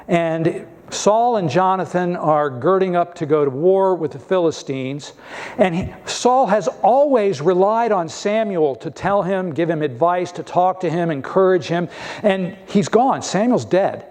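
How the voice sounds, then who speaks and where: A man's voice: sits high, lively intonation, unhurried, darkish tone. A male pastor preaching a sermon in a conversational, emphatic way, asking many rhetorical questions.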